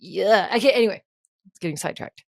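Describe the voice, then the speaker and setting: A woman's voice: medium pitch, quick pace, vocal fry, no echo, studio quality. A young woman co-hosting a podcast, telling stories in casual chat, swearing freely and laughing often. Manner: profane, animated storytelling, laughs often. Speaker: podcast co-host.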